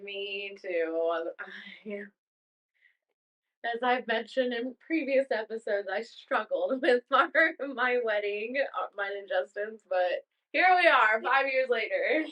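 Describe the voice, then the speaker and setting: A woman's voice: on the high side, slow, a bit bright, lo-fi sound. A woman co-hosting a casual chat podcast, chatty and laughing often through her stories. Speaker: podcast co-host.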